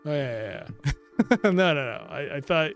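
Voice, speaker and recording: A man's voice: on the high side, animated, unhurried, soft background music. Playful male game streamer. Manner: playful, joking. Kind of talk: live let's play commentary.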